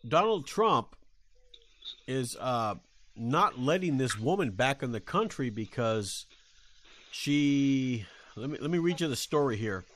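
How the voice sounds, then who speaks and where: A man hosting a podcast, talking casually in a halting way with crude jokes, and reading a news story aloud. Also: mid-range voice, animated, a little hiss or hum. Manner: halting, many fillers and restarts, crude jokes. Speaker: podcast host.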